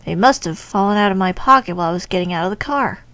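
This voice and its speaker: A woman's voice: medium pitch, animated, fast, a bit bright, no room sound. A woman casually commenting on a game as she plays it, chatty and wry. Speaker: game streamer.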